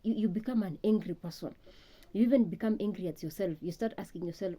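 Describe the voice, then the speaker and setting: Earnest woman with a dark, mellow voice. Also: medium pitch, quick pace, husky. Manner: earnest, repeats words often while searching for them. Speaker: speaker on healing from loss. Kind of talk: reflective motivational talk.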